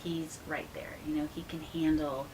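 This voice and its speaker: Low-voiced woman telling her story. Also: moderate pace, background noise. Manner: animated storytelling, softening to a hushed, earnest tone. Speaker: interview guest, ministry founder. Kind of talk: casual conversational interview.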